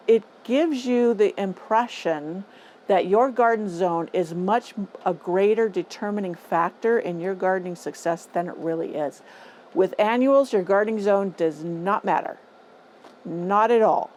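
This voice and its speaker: A woman's voice: mid-range voice, darkish tone, slight background noise, low-quality recording. A middle-aged or older woman hosting a gardening vlog, talking casually and opinionatedly, repeating points for emphasis, recorded in a greenhouse. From Northern California. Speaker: gardening channel host. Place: greenhouse on a rainy day. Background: faint dripping rain ambience.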